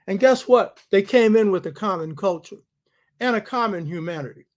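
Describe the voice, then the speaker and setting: A man's voice: sits high, animated, normal speed. A man hosting a show, giving an emphatic lecturing monologue and throwing rhetorical questions at his listeners. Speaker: host.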